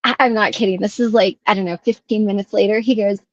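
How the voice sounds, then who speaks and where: A woman co-hosting a chat show, telling an animated story and laughing mid-sentence, heard over a video call. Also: medium pitch, quick pace, no echo, dull audio. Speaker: co-host.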